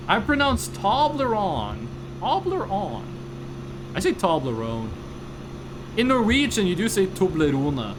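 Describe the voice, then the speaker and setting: A streamer chatting casually and rambling over gameplay, swearing freely and jumping between topics. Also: medium pitch.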